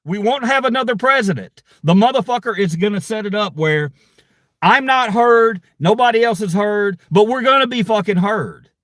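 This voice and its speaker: A man hosting his own channel goes on an angry livestream rant against online critics, heated, profane, and confrontational. His voice sits high with a fairly bright tone, animated and at a moderate pace. The studio sound is clean, with no room sound.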